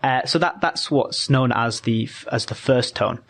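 A man's voice: medium pitch, measured pace, vocal fry, a bit bright. Patient man explaining step by step. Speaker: podcast guest. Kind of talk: casual podcast conversation.

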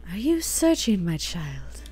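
A woman's voice: on the low side, big pitch swings, slow, darkish tone, slightly rough, faint music behind, exaggerated voice. A woman voicing a solemn, preachy church voice over an intercom, speaking in sermon-like tones.

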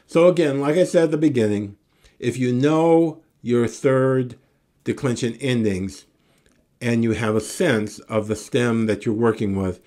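A man giving a recorded Greek lesson, reciting word forms slowly and deliberately and encouraging his students. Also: mid-range voice, darkish tone. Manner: encouraging sign-off. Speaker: Greek teacher.

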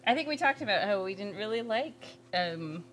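A woman's voice: mid-range voice, animated, moderate pace, fairly bright tone, a little hiss or hum. A woman co-hosting an art tutorial, reading viewer comments and chatting with a teasing, giggly manner. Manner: giggly, teasing, laughs often. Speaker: co-host reading viewer chat. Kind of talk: casual chat on an art stream.

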